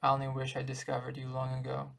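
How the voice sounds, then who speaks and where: A man reading the lines of a gentle, affectionate young woman who speaks tenderly, in his own gravelly voice. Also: medium pitch, completely flat delivery, fast. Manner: tender, warm words.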